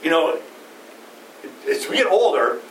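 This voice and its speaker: A middle-aged male pastor delivers a sermon in a loose, conversational way and keeps asking rhetorical questions. His voice sits a little higher than most men's. He sounds set back from the mic in a roomy sanctuary with faint background noise. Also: big pitch swings, a little slow, far from the mic.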